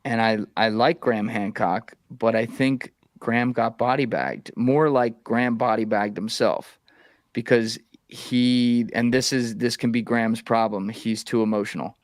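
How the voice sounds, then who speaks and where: A man talking casually as a podcast guest, giving blunt, profane and animated opinions. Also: mid-range voice, dry recording, studio quality.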